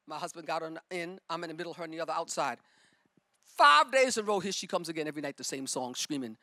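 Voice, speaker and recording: Here is a middle-aged woman preacher, fervent and emphatic, who often rises to a shout. Her tone is bright and forceful, and the recording is dry and close with little room sound. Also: low-pitched, lively intonation, fast, no room sound. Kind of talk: sermon with personal testimony.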